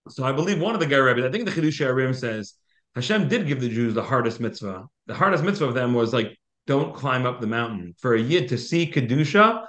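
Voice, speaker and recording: A man's voice: mid-range voice, expressive, fairly quick, a bit bright. A man hosting an interview in a casual, playful and teasing way, keeping the time. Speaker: host.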